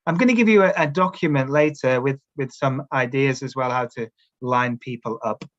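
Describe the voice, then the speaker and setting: A man's voice: mid-range voice, moderate pace, fairly bright tone, dull audio. A man leading a teacher-training webinar, giving instructions in a coaching tone and often checking in with his listeners. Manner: coaching tone, keeps checking in with "all right?". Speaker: teacher trainer presenting a workshop. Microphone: video call camera setup.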